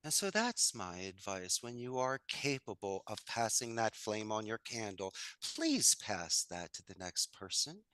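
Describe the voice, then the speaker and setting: An upbeat man chatting as a podcast guest, his voice bright and forward. He leans on folksy sayings and easy humor. The sound is dry and close, with no room around it. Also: on the low side, very animated, measured pace, few pauses, no room sound. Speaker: podcast guest, call center owner. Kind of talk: conversational interview.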